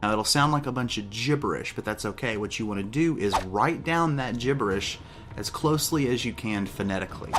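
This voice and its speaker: A man's voice: lowish voice, brisk. A man hosting a casual how-to vlog in an upbeat, chatty way, joking about himself. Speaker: YouTube host. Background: music.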